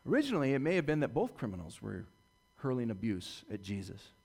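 A man preaching a sermon, retelling a story dramatically and swinging from loud to hushed delivery. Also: mid-range voice, sing-song, a little fast. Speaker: pastor.

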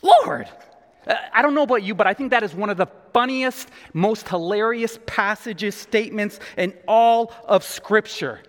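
A male pastor preaching a sermon, animated and conversational as he tells the story. His voice sits higher than most men's. A long reverb from the hall trails behind his words. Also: moderate pace, hardly any pauses.

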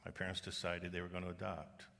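A man's voice: low voice, monotone, fast, gravelly, pushed and bright. A middle-aged man giving a sermon as a pastor, telling stories earnestly and acting out the people in them. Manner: storytelling with quoted voices, earnest. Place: church auditorium. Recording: long reverb of a large hall.

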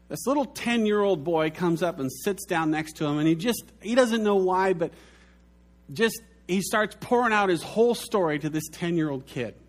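Male pastor, sermon delivery, storyteller who acts out quotes; slightly high voice.

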